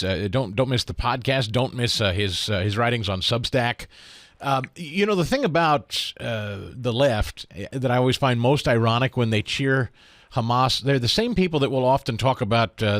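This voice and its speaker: A male talk radio host speaks into a studio microphone, and the sound is dry and close. His voice sits at a middle pitch, and he moves briskly through introductions before settling into conversational questions. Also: a bit bright, no echo.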